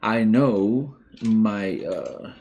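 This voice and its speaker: A man in his forties from the United States, hosting a live stream and speaking openly and emotionally about his own life, with many pauses and restarts. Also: lowish voice, expressive, a little mellow, dull audio. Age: 40s. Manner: halting and heartfelt, many restarts. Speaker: livestream host. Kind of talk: emotional personal talk.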